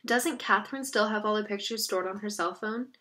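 A woman voicing a teenage boy who is edgy and terse, trying to stay calm, in a storybook reading. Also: mid-range voice, a little fast, close to an everyday voice. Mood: tense.

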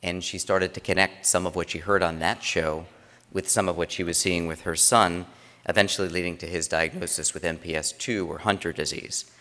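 Opening a conference as its chairman, this man tells stories in a loose, conversational style, often restarting his sentences. He has a low, sharp-toned voice with fairly even intonation and a fairly quick pace, captured with the long reverb of a large conference hall.

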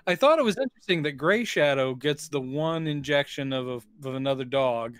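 A man's voice: on the high side, expressive, a little fast, clear, resonant tone, no room sound. A man co-hosting a podcast, chatting wryly about a movie and teasing his co-host. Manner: wry, teasing, quotes characters. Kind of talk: casual movie-review chat.

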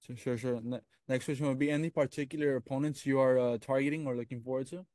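Fast-talking eager male interviewer. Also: mid-range voice, fairly even intonation, darkish tone, no room sound, studio quality. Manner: eager, rambling, calls people bro. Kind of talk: casual interview chat.

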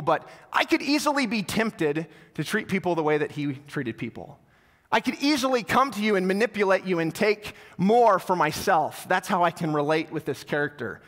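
A male pastor giving a sermon, telling a story in an animated way that swings from loud to hushed. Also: high voice. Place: church sanctuary. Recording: long church reverb.

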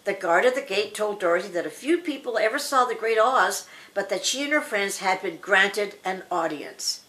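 Older woman, children's story reader, expressive, lively pitch. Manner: slow, expressive read-aloud for children. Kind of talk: reading a picture book aloud.

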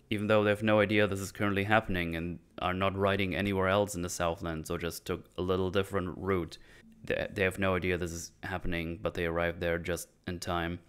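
Sarcastic low-voiced man recapping. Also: smooth. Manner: sarcastic, irreverent, mocking plot holes. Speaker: channel host reviewing a series. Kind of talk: casual recap commentary.

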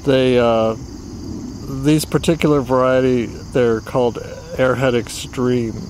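A man's voice: mid-range voice, steady tone, slow, darkish tone, slight background noise, poor audio. A man co-hosting a casual podcast chat, joking in a dry, wry way. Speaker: podcast co-host. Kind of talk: casual conversation.

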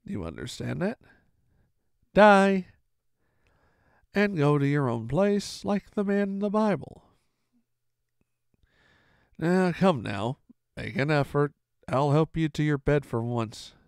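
A stern country doctor , as a man reads him aloud, speaks in firm, clipped warnings. The voice is gravelly and close, with no room sound. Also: fairly high pitch, expressive, unhurried, pauses often, a little mellow, dry recording. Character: stern middle-aged male country doctor. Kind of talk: audiobook reading.

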